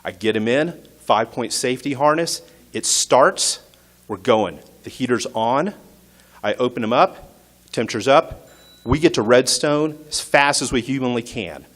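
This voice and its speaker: A man's voice: mid-range voice, normal speed, a bit bright. A man telling a true story on stage at a story slam, in short punchy sentences with rising intensity. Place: stage at an arts center.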